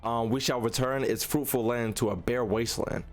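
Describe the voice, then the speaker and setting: A man reading out the lines of a vengeful young woman, a cold and mocking witch-saint, in a slow sneering way. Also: mid-range voice, steady tone, soft background music, lightly acted. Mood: cruel.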